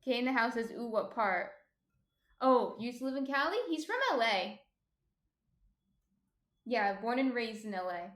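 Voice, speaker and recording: A woman hosts a casual cooking stream. She chats in an animated way and reads viewer comments aloud. Her voice sits fairly high and carries a noticeable room echo. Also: normal speed, pauses often. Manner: animated, reading viewer chat aloud and bantering. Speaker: livestream cooking show host. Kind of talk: casual livestream chat. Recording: roomy echo.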